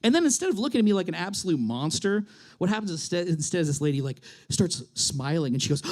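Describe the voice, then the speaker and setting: Man, high voice, sardonic stand-up comic, ranting, laughs a lot, live stage mic. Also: very animated, fast talker, a little mellow. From Reno, Nevada. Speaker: comedian. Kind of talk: stand-up comedy.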